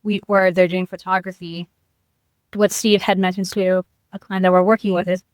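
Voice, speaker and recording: A woman guest on a podcast, calmly explaining ideas for couples' dates in a measured way. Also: lowish voice, no room sound. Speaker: guest, couples' date coach. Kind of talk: explaining in an interview.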